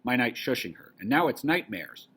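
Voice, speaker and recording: A man's voice: mid-range voice, sing-song, normal speed, a bit bright, breathy edge, heavily acted. A man reading aloud for a class, voicing an irritable middle-aged man who complains sharply. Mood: complaining.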